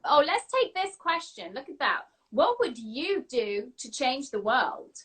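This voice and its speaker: A woman's voice: sits high, very animated, a little slow, fairly bright tone, slightly rough. A woman with a British accent hosting a live online interview in an upbeat, encouraging, chatty way. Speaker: show host.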